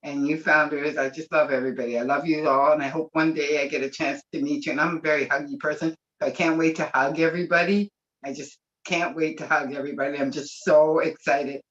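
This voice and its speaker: A person from Canada speaking on a webinar, gushing and excited, close to tears. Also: medium pitch, quick pace. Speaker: webinar participant. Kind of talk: emotional casual speech. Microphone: video call. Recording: muffled video call audio.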